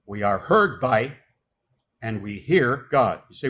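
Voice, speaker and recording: A man delivers a sermon in a husky voice that ranges widely in pitch. He reads scripture passages aloud, then explains them with emphatic, repeated points. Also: very animated, takes it slowly, fairly bright tone. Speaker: pastor.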